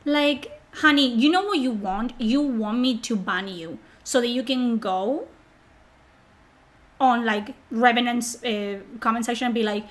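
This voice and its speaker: A woman's voice: fairly high pitch, measured pace. A woman streamer talking on a live stream, mocking and sarcastic as she answers chat, swearing often, while sick.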